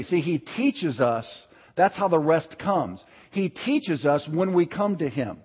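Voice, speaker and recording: A man with a fairly high, husky voice preaches a sermon in a storytelling way, turning to the congregation with questions. The sound is dull, with a long reverb trailing off the walls of a church hall. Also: very animated, slow. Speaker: pastor.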